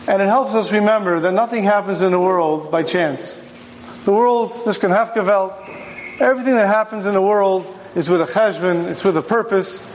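High-voiced man giving a lecture. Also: a little hiss or hum. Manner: storytelling, poses rhetorical questions. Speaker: rabbi teaching a Torah class. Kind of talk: conversational religious lecture.

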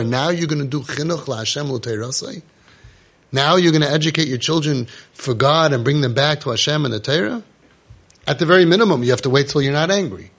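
A man's voice: a little high, lively intonation, brisk, a bit bright. A man giving an impassioned religious lecture to parents, scolding and rhetorical, sprinkling in Hebrew and Yiddish terms.

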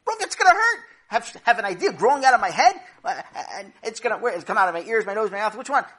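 A man voicing an eager, overly literal, naive man who speaks high, loud and with stammers. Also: very animated, quick pace, husky, exaggerated voice. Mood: excited.

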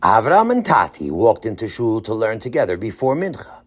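Lively, animated male storyteller. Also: fairly low pitch, moderate pace, husky. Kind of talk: children's story narration.

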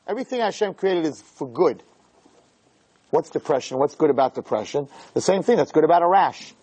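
Man, rabbi, lively Torah lecture, high pitch, very expressive intonation, emphatic repetition. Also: slightly rough. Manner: emphatic, repeats key phrases, rhetorical questions; swings from low murmurs to near shouts. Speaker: rabbi teaching a Torah class.

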